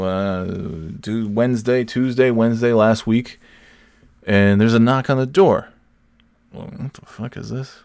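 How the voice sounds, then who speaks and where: A man hosting a podcast, telling a rambling, self-correcting story in casual chat and jumping up in pitch when he quotes people. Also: a little mellow, dry recording, studio quality. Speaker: podcast host.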